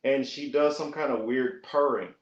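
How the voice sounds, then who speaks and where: A man's voice: mid-range voice, fairly even intonation, moderate pace. Hesitant man guest on a podcast. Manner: hesitant, many fillers and restarts, earnest. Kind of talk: casual podcast chat. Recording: echoey, dull lo-fi audio.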